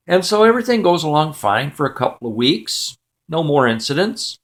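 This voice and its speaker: A man's voice: fairly high pitch, lively intonation, brisk. A man telling a joke as a story in a clipped, matter-of-fact way, often dropping the subject of a sentence.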